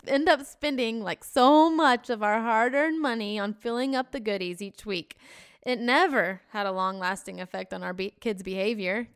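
A woman co-hosting a teaching podcast, upbeat and quick to laugh. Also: fairly high pitch, clean tone. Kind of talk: casual podcast chat.

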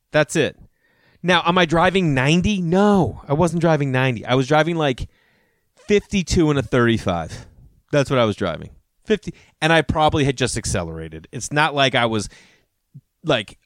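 A man's voice: mid-range voice, fairly bright tone, no echo, studio quality. A man in his thirties telling rambling, profane stories in a casual monologue, acting out both sides of each conversation.

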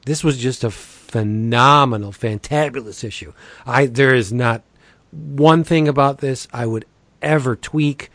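An enthusiastic man in relaxed conversation, gushing and tripping over his words as he acts out bits of dialogue. The sound is dry and close, with no room around it. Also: medium pitch, a little slow, no echo. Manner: enthusiastic, acts out quotes, many restarts. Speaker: podcast co-host reviewing comics. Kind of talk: casual chat.

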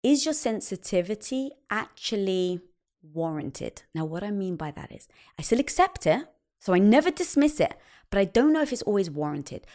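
A woman talking in a relaxed conversational way. Her voice rises and falls a great deal as she tells a personal story. She acts out the quoted lines of dialogue. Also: medium pitch, moderate pace. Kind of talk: casual conversation.

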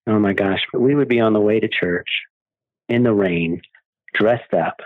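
In an interview, a man in his forties or fifties, founder of a charity that gives cars away, earnestly recounts stories at a measured pace. His voice is lowish, captured in a dry, narrow, phone-like recording.

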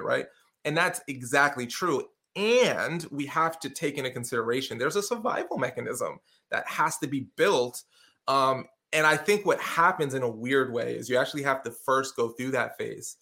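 A middle-aged man with a bright, forceful voice tells stories in a relaxed conversation. He slips into quick impressions of what others said, keeping his delivery lively. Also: mid-range voice, creaky. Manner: animated storyteller, acts out quotes. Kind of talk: casual conversation.

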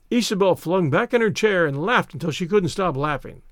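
Man, reading a story aloud, expressive, lively melody, fairly high voice, dry close recording. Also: moderate pace, hardly any pauses, no echo. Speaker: reader. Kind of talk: scripted narration.

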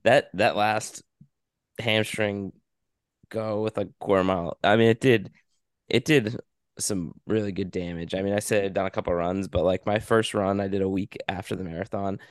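A man's voice: lowish voice, steady tone, normal speed, clear, resonant tone, no echo, clean studio sound. A man in casual chat, rambling through a self-deprecating story about himself.

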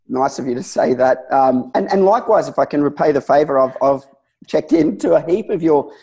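A man's voice: a little high, expressive, fairly quick, vocal fry, a little mellow, breathy edge. A man with an Australian accent, a designer and letterer, chatting easygoingly as an interview guest. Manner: laid-back, easygoing, hesitant with ums. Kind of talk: casual interview chat.

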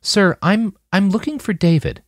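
A man's voice: sits high, moderate pace, dry recording, studio quality, pitched above the performer's own voice. A man voicing a nervous, polite teenage girl in an audiobook, speaking hesitantly. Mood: timid polite.

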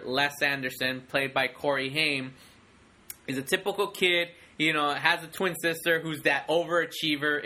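A young man co-hosting a casual movie chat, rambling and excitable with many restarts. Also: a little high. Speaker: podcast co-host.

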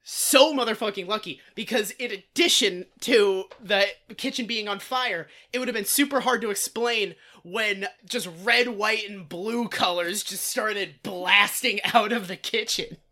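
Bright-voiced profane podcast man. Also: high voice, a little slow, hardly any pauses. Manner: profane, rambling, many "like" fillers. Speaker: podcast co-host. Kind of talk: casual comedic storytelling.

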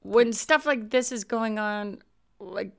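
A woman's voice: mid-range voice, takes it slowly, gravelly. Blunt, supportive woman in casual chat. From Southern California.

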